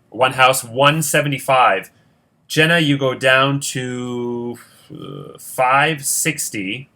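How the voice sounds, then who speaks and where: A man's voice: mid-range voice, pushed and bright. A man hosting a board game competition, counting squares aloud and checking his sums in casual play-by-play. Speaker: host running a Monopoly-style competition.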